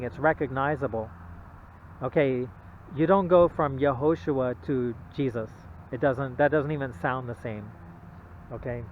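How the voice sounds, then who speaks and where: A man giving an informal Bible talk, halting and repetitive, often checking in with the listener. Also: mid-range voice, slight background noise. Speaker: religious video presenter. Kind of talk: informal Bible teaching monologue. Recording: tinny phone-like audio.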